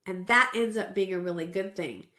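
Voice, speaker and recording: A Southern California woman in her forties gives a self-care talk in a mid-range voice at normal speed, her tone pushed and bright. She shares a personal story candidly and earnestly, conversational and prone to restarts, in a room with noticeable echo.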